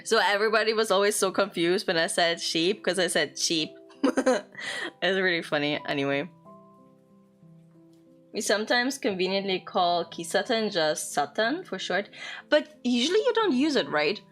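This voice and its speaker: A woman's voice: medium pitch, very animated, normal speed, a bit bright, faint music behind. A young woman streamer chatting playfully and casually while teaching Japanese words, swearing now and then. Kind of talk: casual live-stream chat.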